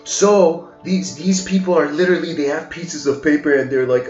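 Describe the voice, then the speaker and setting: A man's voice: fairly high pitch, moderate pace. A man giving a lecture as a loose, chatty story, often laughing and using fillers. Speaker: spiritual lecturer. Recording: dull roomy recording with music behind.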